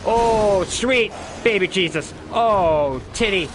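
A young man commentating his gameplay, reacting with excited, profane yelps and jokes. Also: high voice, takes it slowly, pauses often, noisy background. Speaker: gameplay streamer.

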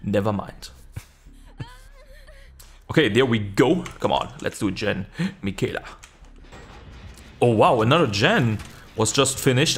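A man narrating his own gameplay at an unhurried, drawn-out pace, with a voice of ordinary middle pitch. He is excitable and breaks into high yelps and casual swearing when the action heats up, then laughs at himself. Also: breathy edge, soft background music. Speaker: video game streamer. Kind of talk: live gameplay commentary.

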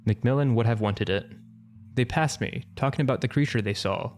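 A man narrating an internet story for comic effect in a brisk, wry, matter-of-fact way. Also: mid-range voice, a little mellow, a little hiss or hum.

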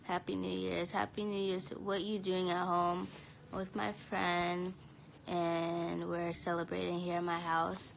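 A tired young woman chatting casually to viewers on a phone live stream from home, talking in a drowsy, low-energy way. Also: little pitch movement, a little slow, vocal fry, a little hiss or hum, rough recording. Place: home, indoors.

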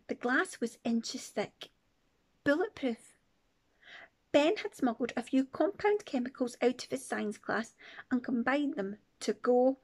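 A woman teacher reading a children's book aloud with expressive, playful asides. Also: high voice, a little slow, long pauses. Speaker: primary teacher. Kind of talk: storybook read-aloud.

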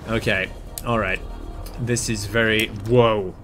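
Music plays behind a young man speaking at normal speed with a medium-pitched voice. In a casual let's-play, he keeps things jokey and excitable, mumbling to himself and yelping in alarm as the game goes on.

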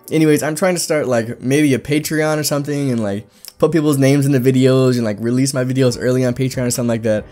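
A man's voice: mid-range voice, warm tone, soft background music. A young man with a slight lisp from braces, rambling casually to his viewers as a channel host. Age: young adult. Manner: fast-talking, rambling, lots of "like".

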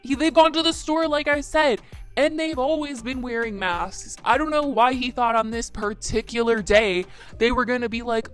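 A woman's voice: fairly high pitch, fairly even intonation, moderate pace, faint music behind. A young woman hosting a casual commentary show, exasperated, with lots of "like" fillers. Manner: exasperated, says "like" a lot. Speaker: commentary podcast host.

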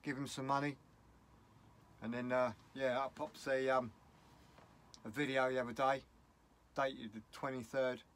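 A man's voice: medium pitch, a bit bright. A middle-aged man with a British English accent, talking in a casual vlog, upset and rambling bluntly. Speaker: vlogger.

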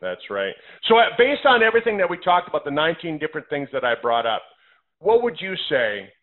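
A man hosting a health call as the doctor, lecturing in a forceful way, repeating his phrases and running through a numbered list. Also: a little high, sing-song, fairly quick. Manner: emphatic, repeats phrases, lists numbered points. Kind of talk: health talk on a conference call. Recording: phone-line audio.

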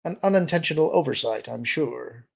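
A man's voice: on the high side, animated, creaky, breathy edge, exaggerated voice. A man voicing a composed senior male admiral who speaks coolly and with authority. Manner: cool, measured.

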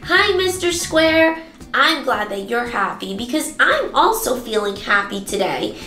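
High, slow-talking preschool teacher woman. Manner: animated, exaggerated, gasping and singing. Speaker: preschool circle-time teacher. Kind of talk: sing-song lesson for toddlers. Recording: roomy sound with music behind.

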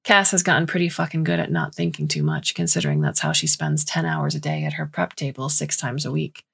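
A woman narrating a short story in a measured, scripted reading. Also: low-pitched, lively intonation, vocal fry, fairly bright tone, breathy edge.

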